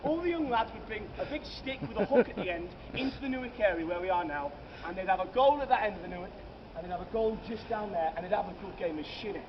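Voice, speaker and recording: Recorded lo-fi amid loud street noise, a man leads a comic ghost walk through city streets at night, standing far from the mic. His high, animated voice races along with hardly any pauses as he tells theatrical, jokey tales and calls his crowd sir and madam.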